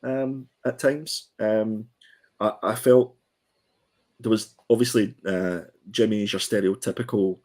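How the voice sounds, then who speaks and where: A man with a slightly low voice talks through a comic review in a relaxed, casual way. He hesitates often, filling gaps with ums and restarting his sentences. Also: a little slow. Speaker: comic book podcast co-host.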